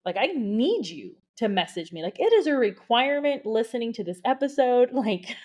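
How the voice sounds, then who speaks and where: A woman's voice: a little high, moderate pace. Breathless, gushing woman podcast host. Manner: excited, gushing, lots of "like" fillers. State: a bit out of breath. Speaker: podcast host, beauty industry coach. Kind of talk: solo podcast monologue. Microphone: podcast microphone.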